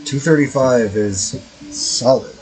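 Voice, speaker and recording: Brief: male let's-play streamer, mid-pitched, rambling and profane, light hiss behind him. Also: takes it slowly. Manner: rambling, profane, joking asides. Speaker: streamer playing a strategy game. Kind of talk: casual let's-play commentary.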